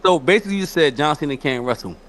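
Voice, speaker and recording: A man's voice: fairly high pitch, lively intonation, quick pace, fairly bright tone. A young man co-hosting a casual wrestling podcast, arguing his point and repeating himself. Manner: argumentative, repeats himself, trails off. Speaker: podcast co-host.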